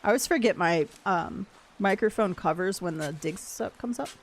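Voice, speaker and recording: A woman's voice: mid-range voice, moderate pace, a little hiss or hum. Chatty American woman streaming a game. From United States. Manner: chatty, reacts to chat and gameplay as she plays. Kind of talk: casual livestream chat.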